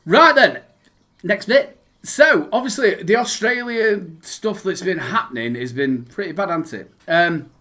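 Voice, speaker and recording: A man's voice: sits high, lively intonation, unhurried, sharp tone. A Northern English man co-hosting a casual podcast chat, rambling with restarts and reading news aloud. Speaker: podcast co-host.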